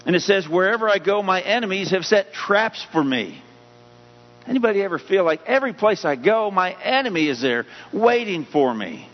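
Male pastor, sermon delivery, slightly high voice, punches up the scripture readings; muffled recording with long hall echo. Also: animated, moderate pace. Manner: preaching with rising emphasis on scripture readings. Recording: dull hum-laden audio with long hall reverb.

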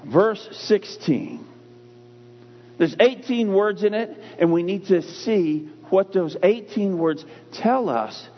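Husky-voiced preacher in a reverberant hall. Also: male voice, high voice, animated. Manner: emphatic, repeats key phrases with drawn-out stress. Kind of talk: sermon. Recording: dull recording with long hall reverb.

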